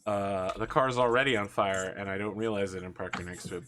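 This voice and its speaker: Bright-voiced teasing male game master. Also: fairly low pitch, fairly quick, a little hiss or hum. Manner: teasing, jokey banter mixed with narration. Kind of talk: running a tabletop game for friends.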